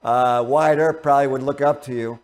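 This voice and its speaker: A man's voice: mid-range voice, steady tone, fairly quick, very noisy. A male interview host who asks questions and pays rambling, effusive compliments. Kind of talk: casual interview talk.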